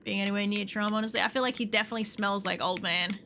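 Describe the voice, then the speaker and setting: A young woman streaming a game, chatting to herself and yelling and swearing at the creatures on screen. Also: medium pitch, racing, noisy background. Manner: expressive, swears and yells at the game. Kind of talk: casual gameplay commentary.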